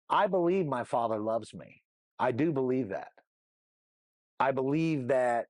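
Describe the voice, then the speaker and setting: A man's voice: mid-range voice, no room sound. A middle-aged man speaking as an interview guest, telling his story candidly and rambling with lots of "you know what I mean" asides.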